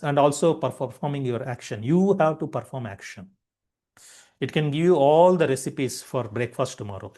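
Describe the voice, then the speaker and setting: A man's voice: mid-range voice, darkish tone. A man giving a spiritual lecture, explaining each point through repeated everyday examples. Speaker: spiritual teacher.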